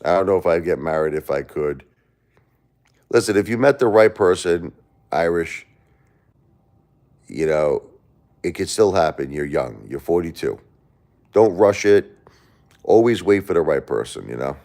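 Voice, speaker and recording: Man, Brooklyn accent, low voice, rambling casual chat, repeats himself. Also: a little slow, vocal fry, pauses often. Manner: animated, rambling storyteller who repeats himself. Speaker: livestream host. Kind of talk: casual chat answering viewers.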